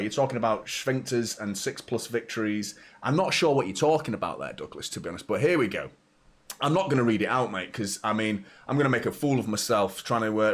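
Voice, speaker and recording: Hosting a football watchalong live stream, a young man chats casually and reads out viewer comments, often stumbling over his words. His voice is fairly low in pitch and a bit bright.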